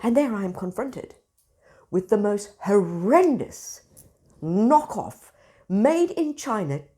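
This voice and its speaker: Animated woman telling a story. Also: medium pitch, slow pace. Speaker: spiritual centre host. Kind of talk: casual storytelling monologue.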